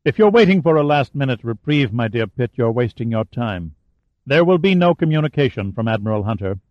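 A man voicing a cold, scheming middle-aged villain in an audiobook, with a sneering, smug, measured delivery. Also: medium pitch, expressive, no echo, dull audio, lightly acted. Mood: contemptuous. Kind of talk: audiobook character reading.

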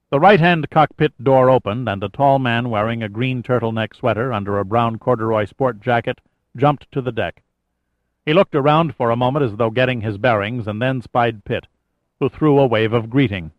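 A man's voice: medium pitch, no room sound, highs cut off. Man narrating an audiobook, dry and close. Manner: measured, steady storytelling. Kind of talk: scripted narration.

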